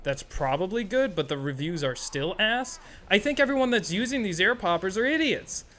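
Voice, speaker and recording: A young man chatting casually on a live gaming stream, excitable and rambling, swearing freely. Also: high-pitched, normal speed.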